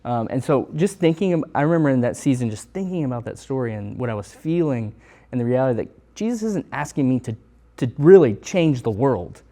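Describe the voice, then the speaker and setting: A man's voice: medium pitch, lively intonation, a little fast, warm tone. A man telling a Bible story as a personal testimony, earnestly acting out the voices of the people in it. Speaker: missionary sharing testimony. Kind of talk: casual testimony.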